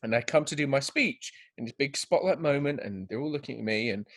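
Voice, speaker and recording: A man co-hosting a podcast, telling a rambling story that builds into excited outbursts. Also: medium pitch, brisk. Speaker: podcast co-host.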